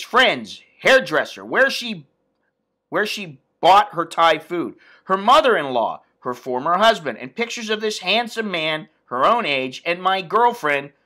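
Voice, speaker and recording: A man's voice: sits high, pushed and bright. A man from the United States ranting bluntly and profanely in a casual vlog. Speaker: expat vlogger.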